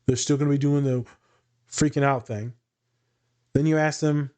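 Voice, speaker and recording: A man's voice: a little high, steady tone, moderate pace, a little mellow. A man, a therapist and teacher, chatting casually and bluntly, swearing freely and using dry humor. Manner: candid, profane, dry humor. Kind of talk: casual podcast chat.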